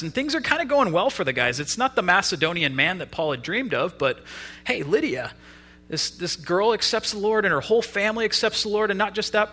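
A young adult man preaching a sermon, retelling a story in a casual, lively way. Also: a little high.

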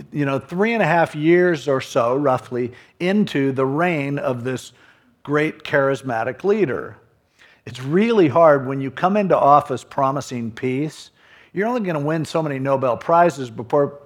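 A man preaching a sermon in a conversational, animated way, acting out what people might say. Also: mid-range voice. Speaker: pastor.

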